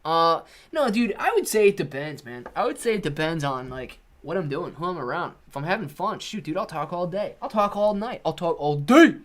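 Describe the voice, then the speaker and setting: A man's voice: fairly high pitch, animated, moderate pace, few pauses. A man hosting a live stream, chatting casually with viewers, reading out their comments and answering in a laid-back, slangy way. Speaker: livestream host.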